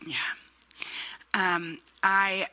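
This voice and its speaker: A woman hosting an onstage book talk, chatty and animated with playful asides to the audience. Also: mid-range voice, drawn-out words, rough recording. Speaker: host and book club moderator. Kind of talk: onstage conversation. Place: festival stage.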